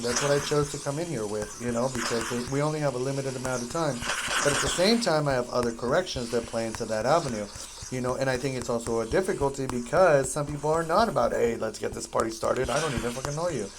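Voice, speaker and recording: A man's voice: medium pitch, fast talker, background noise. A man giving rambling casual commentary to viewers while he plays a game, wandering from topic to topic and breaking off mid-sentence. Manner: meandering, self-interrupting, talks to viewers. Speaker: gaming streamer.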